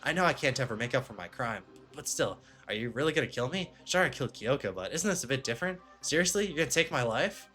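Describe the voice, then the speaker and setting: Dude playing a scared young soccer guy begging for his life, bright voice, game music faint. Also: mid-range voice, animated, fast talker, few pauses, voice pushed up. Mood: pleading. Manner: pleading, desperate, frantic. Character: panicking young male soccer star, cowardly.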